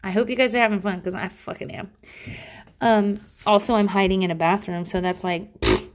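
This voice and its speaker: A woman in a middle pitch range chatting on her own to her viewers. She rambles and swears casually while poking fun at herself, speaking from a bathroom at home. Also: a little fast. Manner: profane, rambling, animated, self-mocking. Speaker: mother talking to her audience. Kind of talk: casual solo monologue.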